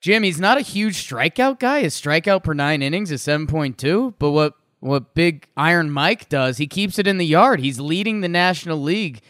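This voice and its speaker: A man co-hosting a casual baseball podcast, talking in an animated, rambling way with lots of restarts. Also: a little high, moderate pace, few pauses, dry recording, clean studio sound. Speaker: podcast co-host. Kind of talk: casual sports chat.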